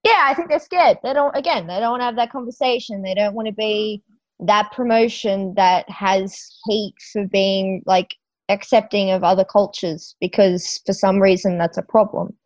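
A woman's voice: medium pitch, moderate pace, darkish tone, dry recording. Emphatic woman, dull dry sound. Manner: emphatic and forthright, occasional swearing. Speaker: professional wrestler guest. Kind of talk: casual podcast chat.

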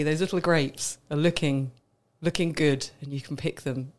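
A woman's voice: low voice, fairly even intonation, normal speed. A woman from Britain co-hosting a casual podcast chat, explaining in detail and laughing often. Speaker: wine expert co-host.

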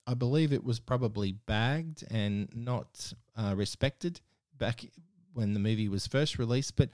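A man's voice: mid-range voice, unhurried, darkish tone, no echo, studio quality. A man hosting a podcast, casually reviewing a film in a chatty way with frequent fillers and restarts. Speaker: podcast host.

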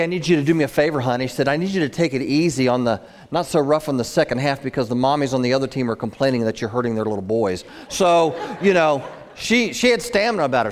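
Middle-aged male guest speaker, earnest storyteller addressing an audience, mid-range voice, big reverberant hall. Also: mid-range voice. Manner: earnest, repeats phrases, talks to the crowd. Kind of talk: personal story told to an audience.

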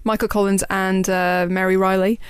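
A woman's voice: mid-range voice, little pitch movement, normal speed, clear, resonant tone, no room sound, clean studio sound. A woman, co-hosting a podcast, wry and opinionated in casual chat. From Northern Ireland. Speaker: podcast co-host.

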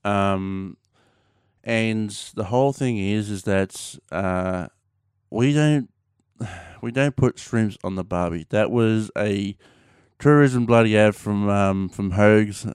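A man's voice: on the low side, a little mellow, clean tone, no room sound, studio quality. A young Australian man chatting casually on his own show, rambling with lots of fillers and the odd swear word. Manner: rambling, many fillers and restarts, mild swearing. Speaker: podcast host. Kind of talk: casual solo chat.

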